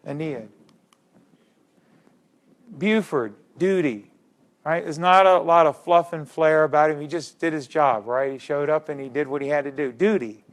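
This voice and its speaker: A middle-aged man with a slightly high voice gives a public history lecture. He emphasizes key words by repeating them and poses questions to his audience.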